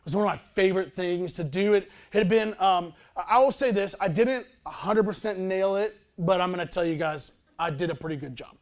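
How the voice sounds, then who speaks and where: A man's voice: sits high, fairly quick, few pauses. A man in his thirties, a pastor telling a personal story in a sermon, talking in a casual, chatty, self-deprecating way.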